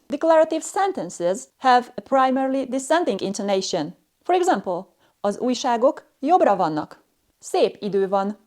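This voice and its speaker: Stern woman language teacher, fairly high voice, cold and condescending, slow clipped phrases. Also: darkish tone. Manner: slow, clipped delivery with pauses between short phrases. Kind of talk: scripted lesson narration.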